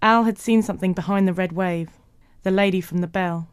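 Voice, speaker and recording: A woman narrating a storybook in an even, measured way. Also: on the low side, smooth, no room sound, studio quality.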